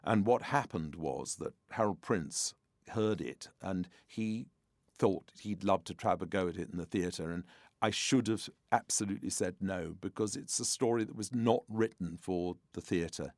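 A man's voice: sits low, moderate pace, no room sound, studio quality. An older man, a composer being interviewed, talking frankly and reflectively about his shows. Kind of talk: conversational interview.

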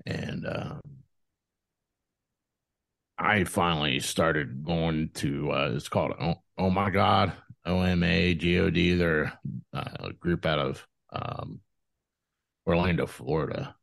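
Man, deep low voice, dry close sound, rambling profane storytelling, thirties. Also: takes it slowly, creaky, long pauses, no echo. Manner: rambling, profane, animated, frequent restarts. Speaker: podcast guest. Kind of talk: casual storytelling interview.

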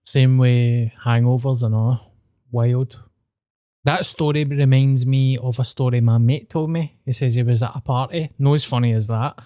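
A man's voice: medium pitch, fairly even intonation, moderate pace, dark tone, no room sound. Man, Scottish accent, comedian guest, casual podcast chat, dry humour, dead dry sound. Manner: dry, joking, plugs his gig.

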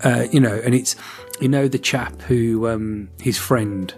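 A man co-hosting a podcast, chatting casually and rambling, with quick switches as he acts out lines from a story. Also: medium pitch, fairly even intonation, darkish tone, faint music behind. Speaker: podcast co-host. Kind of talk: casual chat.

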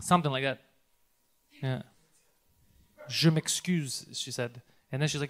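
A man co-hosting a casual podcast, telling animated, profanity-laced stories and laughing often. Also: mid-range voice, unhurried, pauses often. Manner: animated storytelling, swears a lot, laughs often. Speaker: podcast co-host.

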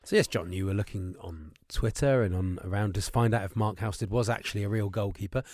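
A man's voice: on the low side, a little fast, darkish tone, slight background noise. A man hosting a podcast, chatting casually and joking with guests. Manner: joking, reassuring. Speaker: podcast host. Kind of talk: casual comic chat.

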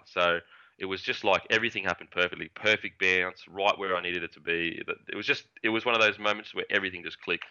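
Fast-talking deep bloke. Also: male voice, bright, forceful tone, muffled recording. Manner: rambling, repeats words, swears casually. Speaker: former rugby league winger, guest. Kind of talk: casual sports podcast chat.

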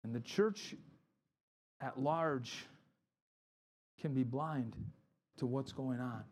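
A man's voice: mid-range voice, takes it slowly. A middle-aged man, a pastor, giving a conversational sermon and acting out the people in his stories. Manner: animated storytelling, acts out quotes.

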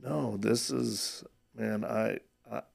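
Gravelly-voiced male host. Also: lowish voice, fairly even intonation, a little mellow. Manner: affirming, quick to agree. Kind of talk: interview, brief responses.

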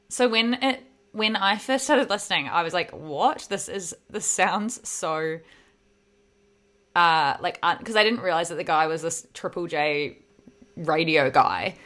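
A young woman co-hosting a podcast, chatting casually and retelling stories with animated energy and frequent laughter. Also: on the low side, measured pace. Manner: animated storytelling, laughs often. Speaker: podcast co-host. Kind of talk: casual chat.

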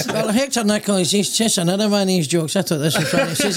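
A man's voice: high-pitched, quick pace, hardly any pauses. A man with a Scottish accent, a comedian guest on a podcast, joking and telling long stories. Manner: joking, animated storyteller. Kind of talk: casual podcast chat.

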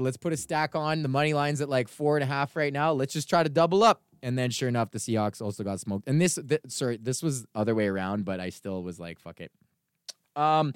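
A man's voice: a little high, smooth, no echo, clean studio sound. A man hosting his own podcast, telling rambling, profane stories in a casual rant, from Canada. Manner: profane, rambling storytelling with laughs. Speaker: podcast host.

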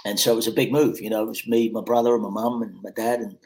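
Man from Scotland, low voice, casual podcast storyteller, loose and chatty. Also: fast talker. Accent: mixed Scottish and English, Americanised. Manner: relaxed storyteller, frequent fillers and restarts. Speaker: actor guest.

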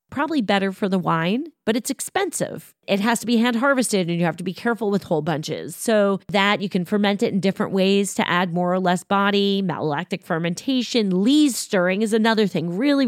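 A middle-aged woman hosting a wine podcast, explaining styles in a knowledgeable, opinionated way with quick asides. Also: medium pitch, dry recording, clean studio sound. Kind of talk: casual explanatory chat.

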